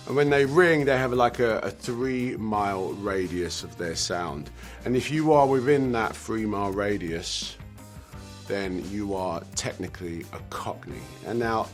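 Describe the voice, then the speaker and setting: A relaxed British man with a fairly low voice talks through slang words to camera. He takes his time, chuckles now and then and fills pauses with ums. There is a faint bed of music under him. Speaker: slang explainer in a video clip. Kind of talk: casual explanatory chat to camera.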